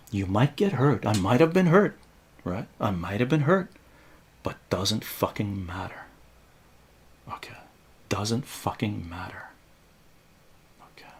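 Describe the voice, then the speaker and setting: A middle-aged Iranian man streams casually, his voice lowish and husky. He tells profane stories in an animated, conversational way, often checking in with "right?".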